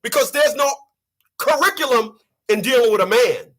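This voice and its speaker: A man's voice: extremely high pitch, animated, normal speed, fairly bright tone. A man delivering preachy, profane ranting commentary on his channel, repeating lines for effect. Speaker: vlogger.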